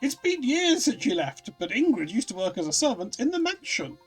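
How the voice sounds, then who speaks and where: A man's voice: very high voice, big pitch swings, a little fast, breathy edge, faint music behind, pitched above the performer's own voice, full character voice. A man voicing a dutiful, formal older butler, reading game dialogue aloud in a deferential tone. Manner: deferential, formal servant speech.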